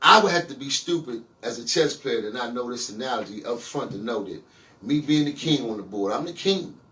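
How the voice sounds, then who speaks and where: A man with a Los Angeles accent hosts a casual podcast, talking in an animated, profane way. His voice sits at a middling pitch. He sounds a little distant from the microphone. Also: fairly quick. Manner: animated, profane, hype interjections. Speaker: podcast host.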